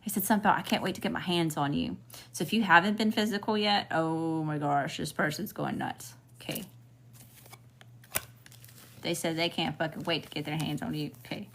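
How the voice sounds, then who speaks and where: A woman with a Southern drawl reading tarot for her viewers in a loose, chatty way. She swears freely and drifts into frank asides. Her voice sits a little low for a woman. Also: fairly even intonation, a little fast, creaky, a little hiss or hum. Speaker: tarot reader. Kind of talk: casual spiritual reading.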